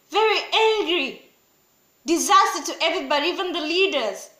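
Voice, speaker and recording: A woman preaching a sermon, emphatic and repetitive, swinging between loud pleading and low grave warnings. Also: moderate pace, echoey room.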